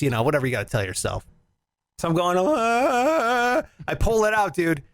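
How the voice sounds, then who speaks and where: A man hosting a casual chat show, telling an animated story with lots of laughter and acted-out voices. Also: high voice, moderate pace, dry recording. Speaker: podcast host.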